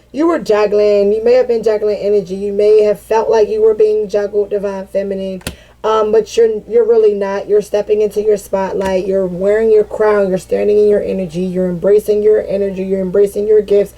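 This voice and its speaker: Mellow-voiced chatty woman reading tarot. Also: medium pitch, brisk, poor audio. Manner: chatty and animated, swears freely and laughs often; voices what the cards "say" in sassy quoted asides. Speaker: tarot card reader. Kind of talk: casual spoken tarot reading.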